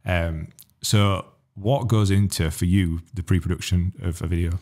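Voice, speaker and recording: A man's voice: low voice, steady tone, normal speed, a little mellow. A man hosting a casual interview, jokey and teasing his guest.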